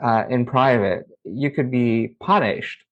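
A middle-aged man from Saudi Arabia, a podcast guest telling stories from his youth in an animated way. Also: mid-range voice, slow. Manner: animated, acts out his own past dialogue. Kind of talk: interview storytelling. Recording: slightly muffled audio.

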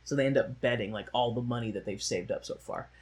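A man's voice: medium pitch, fast, a crowd in the background. A man chatting casually about a movie he watched, rambling along with frequent laughs and a sardonic edge. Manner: rambling, laughs often, slips into mocking voices for quotes. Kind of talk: casual chat, movie discussion.

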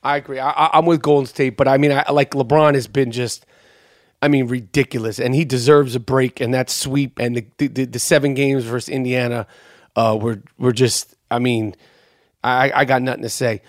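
A man hosting a podcast in casual sports chat, animated, stammering through restarts and swearing freely. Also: medium pitch, normal speed, no room sound, studio quality. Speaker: podcast host.

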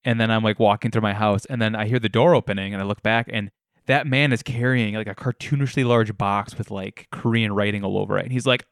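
A young man hosts a casual solo podcast from his living room, telling stories with wry, self-deprecating humor. His voice is on the low side and his pace is quick. The sound is studio quality with no room sound.

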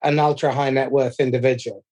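A man hosting a podcast interview, speaking in a measured, reflective way as he sums up points. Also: medium pitch, little pitch movement, darkish tone. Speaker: podcast host.

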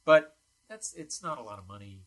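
A man hosting a podcast from his apartment, chatting casually in a dry, halting, self-deprecating way. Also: mid-range voice, expressive. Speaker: podcast host and comedian. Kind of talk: casual chat.

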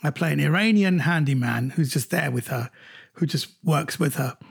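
A middle-aged man, a comedian, recounting anecdotes in an animated way during an interview. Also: moderate pace, vocal fry, husky. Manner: animated anecdotes, jumps higher when quoting others. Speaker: comedian guest. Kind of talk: storytelling in an interview.

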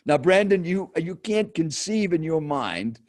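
A man's voice: a little high, a little slow, no echo, clean studio sound. A professional speaker, a man, telling a personal anecdote and turning to his listener with direct questions. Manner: lively storyteller, addresses listener directly. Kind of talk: personal anecdote told to a host.

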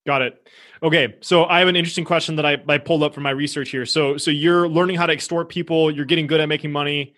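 Brisk fast-talking male interviewer. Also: on the high side, fairly even intonation, a bit bright. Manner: brisk, curious, short affirmations. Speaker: podcast host. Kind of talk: interview questions.

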